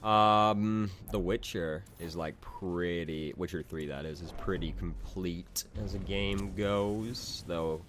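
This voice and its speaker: A man's voice: sits low, steady tone, takes it slowly, hardly any pauses, a bit bright, slight background noise. A man hosting a let's play, chatting casually and rambling, with frequent restarts and swearing, close to the mic. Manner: rambling, self-interrupting, casually profane. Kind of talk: casual gameplay commentary. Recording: game music playing underneath.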